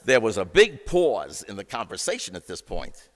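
A man telling a wry, expressive anecdote about his years in the record business. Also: fairly low pitch, normal speed, long reverb tail. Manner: wry, expressive, acts out dialogue. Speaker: storyteller recalling his record-industry career. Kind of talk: anecdotal storytelling.

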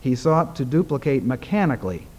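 A man's voice: mid-range voice, very animated, a little mellow, lo-fi sound. Man reading a formal paper. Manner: measured, formal delivery. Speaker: presenter. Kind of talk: reading a prepared paper aloud.

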